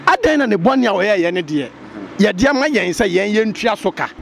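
A man with a Ghanaian accent answering questions in a comic street interview with animated, mock-serious lecturing. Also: sits high, brisk, creaky, heavy background noise. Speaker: comedian interviewee.

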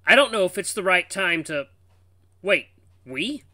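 A man's voice: high voice, sing-song, unhurried, pushed and bright, no room sound, clean studio sound, voice pushed up, heavily acted. A man voicing an alarmed young male android in a visual novel reading. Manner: startled, anxious outbursts.

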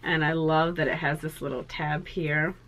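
A woman in her thirties, an art vlogger, chats casually to camera in a sentimental way, with lots of filler words. Her voice is low and a bit bright, with a steady tone and a moderate pace.

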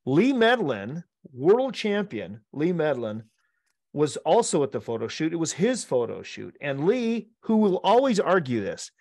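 A middle-aged man, a podcast co-host, telling an animated story among friends, laughing often and acting out the quotes. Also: a little high, unhurried, no echo, studio quality.

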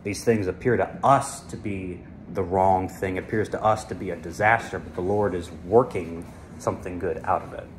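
A man's voice: low-pitched, a little hiss or hum. Earnest man teaching a small Bible group. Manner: earnest, unhurried, with fillers and restarts. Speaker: Bible study leader.

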